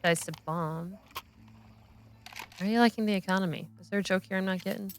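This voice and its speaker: A woman's voice: medium pitch, a little fast, creaky, faint music behind. A woman casting a live esports match, chatty and giggly, giving color commentary. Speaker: esports caster.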